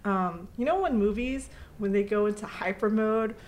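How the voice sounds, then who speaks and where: A woman's voice: mid-range voice, normal speed, a little hiss or hum. Giggly young woman telling a story. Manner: giggly, animated storyteller, lots of "like". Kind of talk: casual chat, storytelling.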